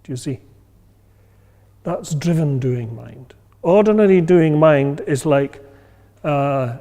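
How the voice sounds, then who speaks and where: Slow and pausing often, a man with a higher, dark-toned voice teaches a meditation class in a casual, chatty manner. He uses lots of fillers, checks that people understand, and acts out inner voices, all with long reverb as if in a hall.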